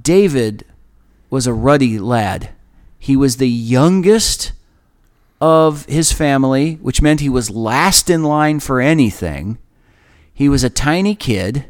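A man leads a Bible study on a podcast, reflective and earnest. He talks conversationally, leaning on pauses to stress his points. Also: medium pitch, animated.

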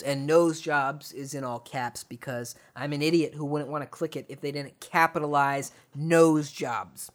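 A young man hosting a podcast, telling comic stories and ranting sarcastically, swearing freely and jumping from mutters to loud outbursts. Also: a little high, steady tone, a little slow, few pauses. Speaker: podcast host. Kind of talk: comedic storytelling rant.

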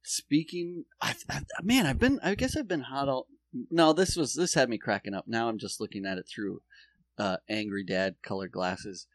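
A man's voice: mid-range voice, normal speed, no room sound, studio quality. A man co-hosting a podcast, chatting casually and dropping wry, sarcastic asides. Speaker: podcast co-host. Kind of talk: casual chat.

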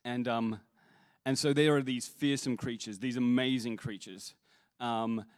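A man's voice: mid-range voice, fairly even intonation, unhurried, dry recording, studio quality. A man speaking as a worship leader, giving an earnest sermon-style talk that stumbles over restarts and then rises into emphatic quoted scripture.

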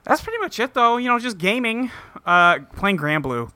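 A man's voice: very high-pitched, sing-song, normal speed, bright, forceful tone, dry recording. A man hosting a casual podcast, recapping TV episodes and briefly acting out the characters' lines, with casual swearing. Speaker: podcast host recapping a show.

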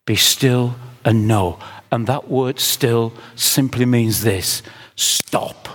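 A middle-aged man preaching a sermon with impassioned, emphatic runs that climb in pitch. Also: takes it slowly, in a large hall.

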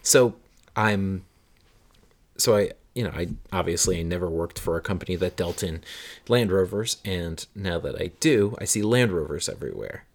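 Casual male podcast host, lowish voice, lively storyteller who acts out the people he quotes. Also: normal speed.

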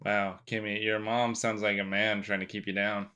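A man joking sarcastically with friends in a casual chat, with sudden loud outbursts. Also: fairly low pitch, little pitch movement, normal speed.

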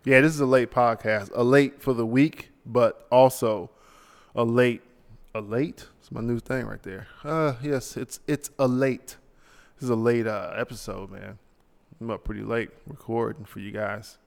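Tired guy ranting on his podcast late at night, gravelly but smooth, lots of reverb. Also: mid-range voice, fairly even intonation, unhurried. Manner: casual, ranting, tossing in mock voices. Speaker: podcast host. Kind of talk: solo podcast rant.

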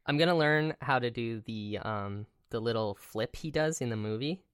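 A young adult man co-hosts a relaxed podcast, talking in loose, rambling runs full of fillers and restarts. The sound is dry and close, with no room around it. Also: medium pitch, normal speed, clean tone, no echo. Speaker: podcast co-host. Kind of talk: casual chat.

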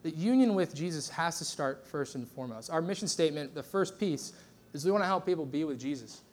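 A man preaching a sermon in a loose, conversational way. His voice sits a little high for a man. He jumps between stories and asides, full of fillers and quick restarts. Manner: conversational, animated storytelling with lots of fillers. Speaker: pastor.

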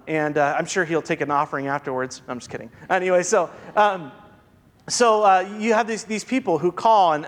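A man's voice: on the high side, fairly bright tone. A man preaching a sermon as a pastor, reading scripture and dropping wry asides. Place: church sanctuary. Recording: long reverb from a church hall.

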